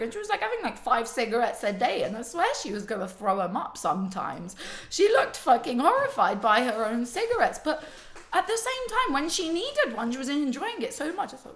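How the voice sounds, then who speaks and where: Woman, high voice, lively and emphatic, swears a lot, echoey room with faint noise. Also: normal speed. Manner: swearing, animated, emphatic storytelling. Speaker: interviewed friend. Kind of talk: casual interview.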